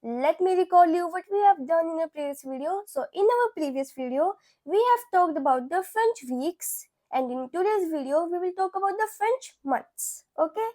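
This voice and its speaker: Young woman teacher, patient, says each word over and over, pretty high voice. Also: expressive, moderate pace, hardly any pauses, mellow. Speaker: French teacher. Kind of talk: beginner language lesson.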